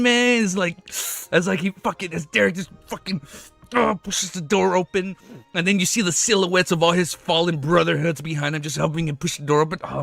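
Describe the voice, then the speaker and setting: A young man streaming live, chatting casually with his audience, excitable and swearing often, tripping over his words and laughing. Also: on the high side, creaky, no room sound. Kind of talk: casual livestream chat.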